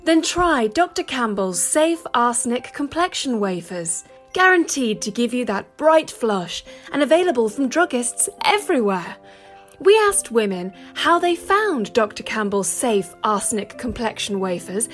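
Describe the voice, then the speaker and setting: A woman reading a spoof vintage advert in a deadpan, mock-salesy manner. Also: fairly high pitch, unhurried, faint music behind.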